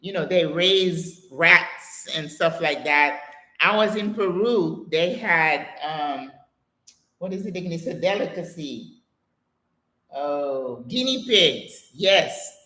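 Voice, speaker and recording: An older American woman hosting a live question-and-answer stream, reading viewer comments aloud and telling stories in a chatty, animated way. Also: deep voice, takes it slowly. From United States. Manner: chatty, animated storytelling with exclamations and laughter. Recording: echoey room sound.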